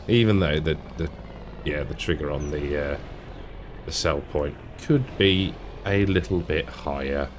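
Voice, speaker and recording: With a slow, bass voice, a gaming channel host from England meanders through commentary on a farming game, chatty and self-deprecating. There's noise in the background, and he records on a desk mic with headphones.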